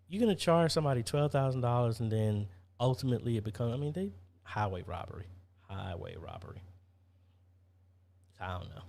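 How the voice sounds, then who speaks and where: A man's voice: medium pitch, darkish tone. Chatty man hosting a live Q&A. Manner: chatty, reads viewer comments aloud and answers. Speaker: live stream host. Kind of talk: casual live Q&A chat.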